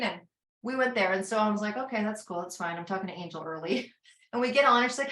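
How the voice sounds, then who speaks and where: A woman telling a rambling, animated story in casual talk, acting out her own inner voice. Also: a little high, fast, echoey room. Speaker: summit organizer speaking to a panel.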